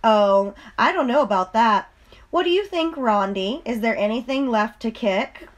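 A woman's voice: fairly high pitch, lively intonation, a little slow. A woman voicing a sly playground teacher who draws out his teasing questions, in a storybook reading.

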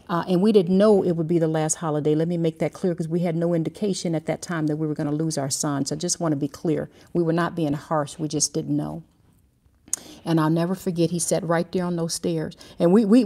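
A woman in middle age leads a livestreamed devotional, her voice soft and dark with a husky edge. She tells stories earnestly, wanders off on side paths and then brings herself back to the lesson. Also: mid-range voice. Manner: earnest storytelling, drifting and circling back. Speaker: Christian teacher and mentor. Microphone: livestream camera mic.

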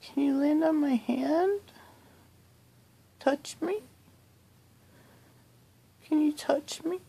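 A middle-aged woman talking softly in a bedroom at night, cooing affectionately and often half-whispering. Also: high voice, extremely slow, creaky. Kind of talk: soft-spoken recorded monologue.

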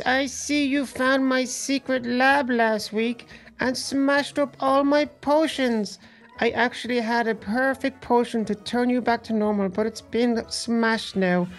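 Someone voicing a male village wizard in a game role-play, speaking calmly and reproachfully. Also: medium pitch, unhurried, soft background music, natural voice, low-quality recording.

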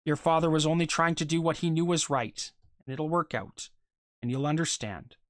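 The story's reader voicing a mother who asks anxious questions and soothes her son softly, in a dry close recording. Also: medium pitch, wildly swooping pitch, moderate pace, dry recording, voice pushed up. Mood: soothing. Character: worried mother, gentle but alarmed.

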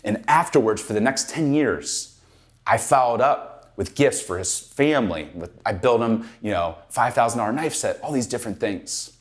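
A middle-aged man speaking from the stage in a keynote, his voice sitting at an ordinary pitch for a man. He tells stories in a lively, chatty way, full of "like" and quick asides. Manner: animated, conversational, heavy use of "like". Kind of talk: storytelling keynote talk.

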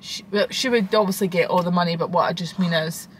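A young Scottish woman chatting casually as a vlogger, slangy and animated, swearing freely. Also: lowish voice, quick pace, a little hiss or hum, rough recording. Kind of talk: casual chat.

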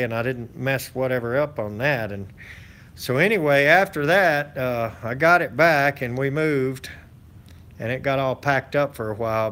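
A man's voice: mid-range voice, a bit bright. A man hosting his channel, chatting casually with viewers in a rambling, folksy way full of fillers and restarts. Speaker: channel host. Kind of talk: casual live-stream chat.

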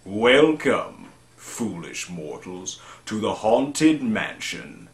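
A man voicing a sinister, mocking male ghost host in slow, low, hushed tones. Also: very animated, roomy sound, full character voice. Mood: eerie.

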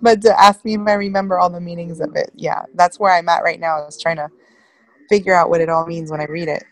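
A woman student reading aloud hesitantly in a lesson, apologetic and full of pauses. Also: fairly low pitch, steady tone.

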